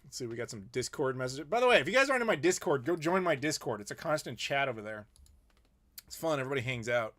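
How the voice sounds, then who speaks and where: A man's voice: mid-range voice, lively intonation, fast talker, a bit bright. A middle-aged American man hosting a casual live Q&A, ranting playfully and reading viewer messages. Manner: opinionated, playful ranting with laughs. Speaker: YouTube host.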